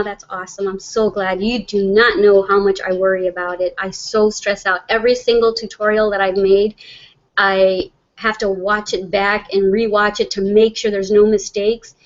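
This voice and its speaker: A woman's voice: mid-range voice, little pitch movement, normal speed, muffled recording. A middle-aged woman, hosting a casual livestream, reading viewer comments aloud and chatting in a rambling way with frequent laughs. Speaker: livestream host.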